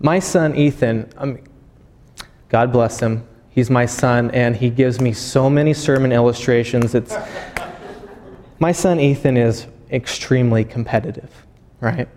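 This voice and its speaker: A man, a pastor, preaching a sermon as animated storytelling and acting out voices. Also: medium pitch, unhurried, long reverb tail, slight background noise.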